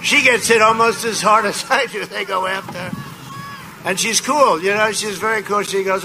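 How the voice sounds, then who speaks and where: Outdoors with loud noise behind him, a political candidate delivers a rambling, boastful rally speech, repeating his phrases. His voice is high and his speed normal.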